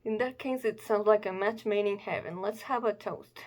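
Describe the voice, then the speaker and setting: A woman's voice: medium pitch, normal speed, lightly acted. A woman reading the lines of a genial older mer-king from a comic, raising a friendly toast. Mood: cheerful.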